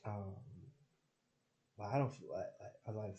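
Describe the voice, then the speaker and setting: A man's voice: fairly low pitch, normal speed, dark tone. Rambling young man full of fillers. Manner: rambling, heavy filler words, swearing, acts out quoted people. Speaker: vlogger. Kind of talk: casual storytelling monologue.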